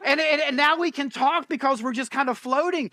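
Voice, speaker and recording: Male pastor, middle-aged, bright and high, animated storyteller in a sermon. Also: brisk. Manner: animated storyteller, acts out his own panicked thoughts. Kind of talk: sermon with a humorous personal story. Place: church auditorium.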